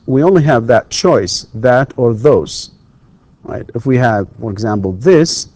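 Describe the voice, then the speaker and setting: A man teaching a university English lecture, pausing often with fillers and restarting his words. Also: medium pitch, darkish tone. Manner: halting, many fillers and restarts. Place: lecture studio.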